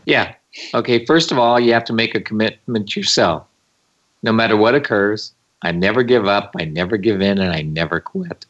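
Blunt guy giving advice on a call-in show, lowish voice, dull audio. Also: normal speed, fairly bright tone. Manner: firm, blunt, advising. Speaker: co-host.

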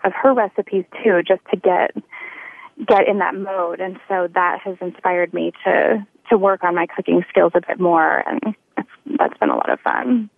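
A woman's voice: fairly low pitch, big pitch swings, moderate pace, gravelly, slightly rough, no room sound. Woman author on a tinny phone line. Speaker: author guest. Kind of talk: interview answers.

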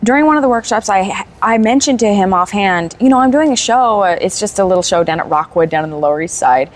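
A woman's voice: on the low side, quick pace. A woman guest on a talk show, telling stories in casual chat and laughing easily. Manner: warm storytelling, laughs easily. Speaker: guest performer.

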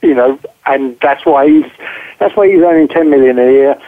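A man's voice: medium pitch, normal speed. A man interviewed as a guest over the phone, talking directly and emphatically and often repeating words as he thinks. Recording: tinny phone line.

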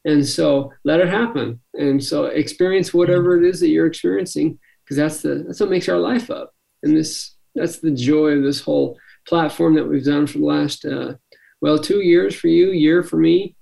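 Gravelly man with a raised pitch. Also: mellow, low-quality recording. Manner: affirming, earnest, quick to agree. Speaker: podcast co-host. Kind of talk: casual spiritual podcast chat.

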